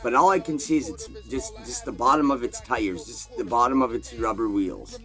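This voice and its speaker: A man telling a crude, profane personal story in a casual, animated way, swearing constantly. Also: medium pitch, normal speed, faint music behind.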